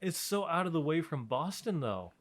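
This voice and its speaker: A man co-hosting a podcast in casual chat, easygoing, chiming in with quick interjections. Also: on the high side, big pitch swings. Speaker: podcast co-host.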